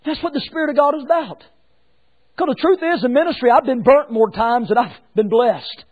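A man preaching a sermon as pastor, swinging between hushed lines and shouted ones. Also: very high voice, a little fast, husky, narrow, tinny audio.

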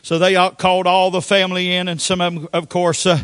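An older man preaching a Pentecostal sermon, telling folksy stories with frequent amens and sudden shouted outbursts. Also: sits high, completely flat delivery, brisk, clean tone, no echo, clean studio sound.

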